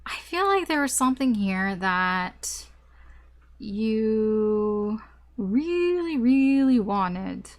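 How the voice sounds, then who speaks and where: A woman's voice: on the high side, sing-song, drawn-out words. A young woman giving a casual tarot reading, talking in a rambling, chatty way with fillers and the odd swear word. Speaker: tarot reader.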